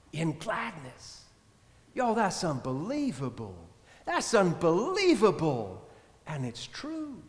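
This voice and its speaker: A male priest preaching a sermon, telling stories emphatically, repeating refrains and speaking directly to the congregation. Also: extremely high pitch. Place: church. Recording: long church reverb.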